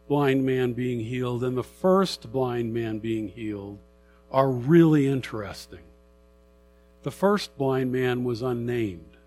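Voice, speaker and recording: A middle-aged man preaches a sermon at an unhurried pace, in a voice of ordinary pitch. He talks in a conversational way and grows animated while reading scripture aloud. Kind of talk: sermon Bible teaching.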